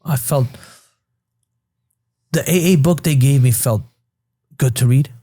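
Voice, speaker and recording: This Queens, New York man in his thirties has a mid-range, mellow voice and takes his time, recorded at studio quality with no echo. Appearing as a podcast guest, he's blunt and casual about his life story, curses freely, and replays old scenes by quoting what people said.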